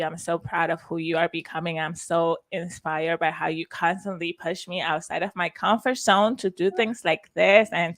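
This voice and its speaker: A woman's voice: fairly low pitch, sharp tone. Effusive, emotional woman organizer. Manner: effusive and emotional, with frequent restarts. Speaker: conference organizer. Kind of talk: heartfelt conference talk.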